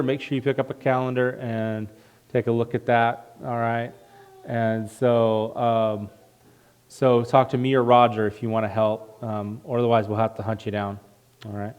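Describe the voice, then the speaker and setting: A man, the pastor, making casual church announcements, joking and halting with many fillers. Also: medium pitch, clear, resonant tone. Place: church sanctuary.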